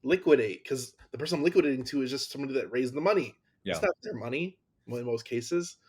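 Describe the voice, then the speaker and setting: A man's voice: medium pitch, animated, fast, a little mellow, breathy edge. A man in a mid-range voice hosts a casual podcast chat. He sounds enthusiastic and keeps restarting his sentences as he talks. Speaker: podcast host.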